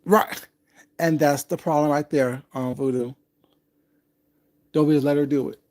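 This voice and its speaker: A man's voice: a little high, fairly even intonation, a little slow, darkish tone. Man, sassy livestream commentator, drawls, calls everyone baby.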